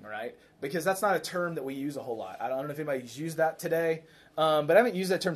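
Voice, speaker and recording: A man's voice: sits high, a little fast. A man preaching a sermon to a congregation in a conversational way, asking questions, repeating key phrases and checking in with listeners. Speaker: pastor. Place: church.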